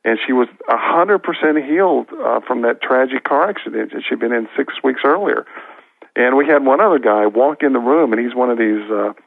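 A man with a gravelly, creaky voice tells an earnest testimony, stopping and restarting as he acts out what people said. The sound is thin and phone-like. It is dry and close, with no room around it. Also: medium pitch, no room sound. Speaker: guest minister. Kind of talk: storytelling testimony. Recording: tinny phone-line audio.

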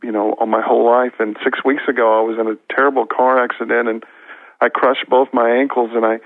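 A man, a minister, telling a long earnest story with halting restarts and acted-out quotes, heard over a phone line. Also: mid-range voice, level tone, no room sound. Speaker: guest minister. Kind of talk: storytelling testimony. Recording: tinny phone-line audio.

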